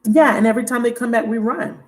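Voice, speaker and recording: Fast and on the high side, this tarot reader's voice comes through poor audio as she hosts her channel's livestream. She's frank and animated, laughing often and swearing freely throughout the candid chat.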